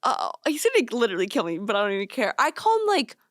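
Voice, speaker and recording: A woman's voice: a little high, very animated, rapid-fire, no echo, studio quality. A young woman co-hosting a podcast, chatting casually and giggling, with lots of "like". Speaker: podcast co-host. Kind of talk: casual chat. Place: studio.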